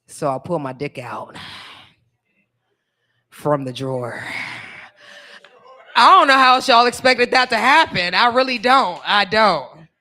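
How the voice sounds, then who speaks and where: A woman's voice: mid-range voice, very animated, unhurried, pauses often, pushed and bright. A middle-aged woman from California doing a brash, bawdy live stand-up routine on a stage mic and teasing the crowd. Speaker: stand-up comedian.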